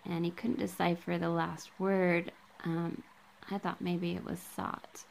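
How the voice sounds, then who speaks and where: A woman reads from a book at an unhurried, slow pace, her low voice catching in a gravelly fry. She marks every quoted passage aloud and breaks off for relaxed asides full of ums. She films herself on a handheld camera. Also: slight background noise, poor audio. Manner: casual, with frequent ums. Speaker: book vlogger.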